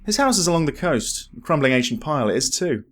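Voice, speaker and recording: A man voicing a suspicious, gruff local man in a tavern in a game, curt and scornful toward outsiders. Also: a little high, sing-song, quick pace, a bit bright.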